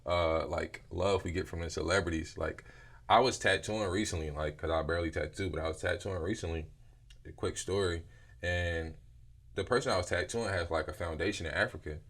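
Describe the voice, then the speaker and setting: A young man from Philadelphia, a business owner, telling stories as an interview guest in a loose, animated way, acting out quotes and swearing freely. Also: deep voice, fairly quick. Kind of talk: casual storytelling interview.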